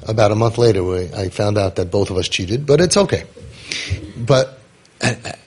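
A man's voice: lowish voice, normal speed, husky. A man, casually telling a story and acting out the dialogue with lots of restarts. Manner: animated storyteller, acts out dialogue, many restarts. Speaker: parenting guide telling a story.

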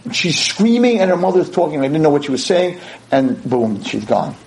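A man's voice: on the high side, big pitch swings, fairly quick, a little mellow, a little hiss or hum, rough recording. A male rabbi delivering a dramatic storytelling sermon, emotional and vivid.

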